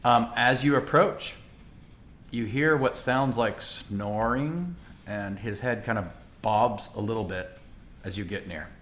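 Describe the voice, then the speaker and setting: A man narrating as game master of a tabletop game, animated and chatty, often laughing. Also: on the low side, slow, a little hiss or hum.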